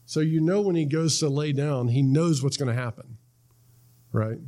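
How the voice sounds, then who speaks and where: Conversational male preacher, fairly high voice. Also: moderate pace, dark tone. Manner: conversational, repeats words, asks "right?" often. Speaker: pastor. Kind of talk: sermon.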